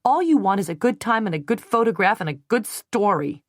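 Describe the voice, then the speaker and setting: A woman's voice: medium pitch, expressive, fairly quick, no echo, clean studio sound, voice pushed up, close to an everyday voice. A woman doing a blunt, hot-tempered man. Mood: angry, heated. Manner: blunt, forceful, sometimes scornful. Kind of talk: audiobook character reading.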